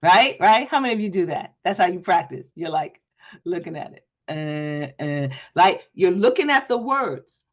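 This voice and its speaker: An energetic woman coach teaches a live online class, asking the audience questions again and again. She acts out quotes with a higher, louder voice. The sound comes through a video call mic. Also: normal speed. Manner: energetic, talks straight to the audience with repeated questions. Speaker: presentation coach. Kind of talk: live online workshop talk.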